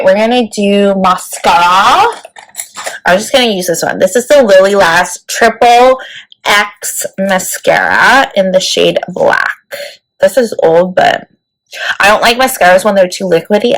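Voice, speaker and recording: A woman's voice: medium pitch, low-quality recording. A woman beauty vlogger talking casually through a makeup tutorial, chatty and full of "like" and "let me tell you". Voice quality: creaky.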